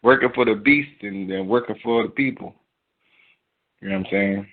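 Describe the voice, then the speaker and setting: A man's voice: fairly low pitch, normal speed. A man calling in to a talk radio show, rambling with many fillers and asides. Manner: rambling, lots of fillers and "you know what I'm saying". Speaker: caller. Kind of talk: casual call-in talk. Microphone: phone call. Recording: tinny phone line.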